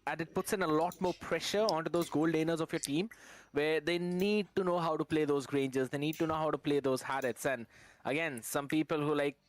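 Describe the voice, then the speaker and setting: A man's voice: fairly high pitch, brisk. A man giving live, analytical commentary as an esports caster at a tournament. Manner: steady, analytical, fond of fillers like "out here".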